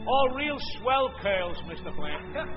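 Quiet deferential cameraman. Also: very high voice, sing-song, measured pace, soft background music, some chatter behind, full character voice. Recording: dull old radio broadcast.

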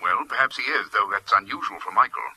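An actor playing a brisk, reassuring family doctor in 1940s radio acting style. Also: male voice, fairly low pitch, sharp tone, husky, full character voice, poor audio. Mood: calm.

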